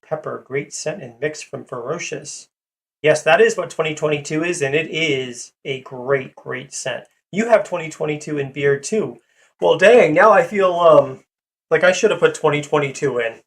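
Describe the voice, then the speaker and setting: A man's voice: mid-range voice, creaky. A man hosting a casual livestream, rambling with many fillers as he greets viewers and reads chat. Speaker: livestream host.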